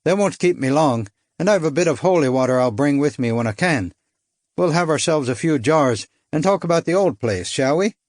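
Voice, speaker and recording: A man's voice: a little high, lively intonation, moderate pace, no room sound, clean studio sound, pitched above the performer's own voice, natural voice. A man doing a jovial Irish sailor. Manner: jovial, talkative, lilting. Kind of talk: audiobook character voice.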